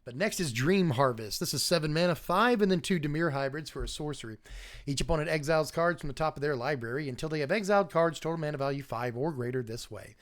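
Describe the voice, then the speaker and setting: Lively man hosting a casual stream. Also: fairly high pitch, fast talker. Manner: animated, chuckling, chatting with viewers. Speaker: host. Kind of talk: casual livestream card review.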